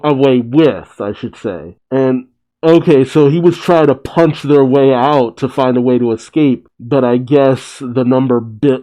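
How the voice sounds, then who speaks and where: A man's voice: mid-range voice, dark tone, low-quality recording. A man casually recapping a comic chapter, chatty, laughing often and correcting himself. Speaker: manga reaction host.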